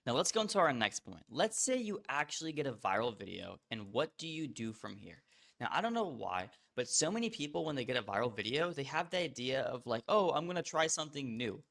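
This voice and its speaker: A young man rattles off advice at high speed, blunt and matter-of-fact, calling his viewer "bro". His voice sits at a middling pitch and he often trips into restarts as he pushes on. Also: big pitch swings, fairly quick, gravelly, fairly bright tone. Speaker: online course host. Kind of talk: casual direct-to-camera teaching.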